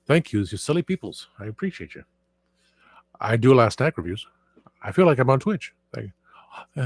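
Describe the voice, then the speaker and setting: A man's voice: mid-range voice, very animated, fairly quick, pauses often, breathy edge. A man hosting a casual live stream, rambling with many fillers and restarts while answering viewer chat. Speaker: livestream host.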